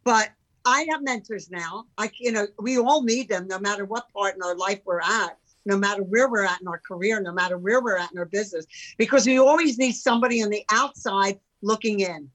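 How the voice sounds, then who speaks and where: A woman in her sixties, appearing as an entrepreneur guest, chats casually in an animated, emphatic way full of rhetorical questions. She talks fairly quickly in a mid-range voice, and the recording is rough.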